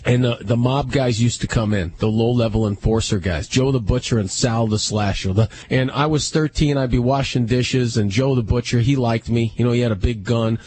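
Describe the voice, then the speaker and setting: A man co-hosting a radio show, telling stories casually and acting out other people's lines in a higher voice. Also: moderate pace, hardly any pauses, a little hiss or hum, poor audio. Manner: animated, acts out dialogue in higher voices. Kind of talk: casual storytelling on air.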